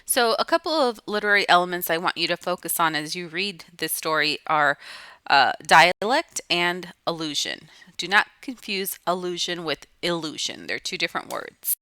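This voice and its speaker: A woman's voice: fairly low pitch, animated, normal speed, pushed and bright, clean tone, dry recording. A woman teacher giving a recorded lesson to students, explaining patiently and restating each point.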